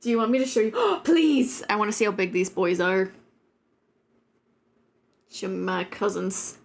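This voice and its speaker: A woman's voice: mid-range voice, fairly even intonation, moderate pace, creaky. A woman streamer chatting casually on a live stream, giggly and rambling with lots of filler words.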